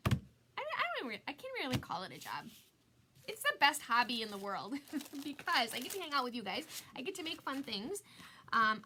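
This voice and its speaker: A woman's voice: fairly high pitch, sharp tone. A woman in her forties hosting a live-stream craft tutorial, chatty and giggly, greeting viewers by name. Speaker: craft product designer hosting a live demo.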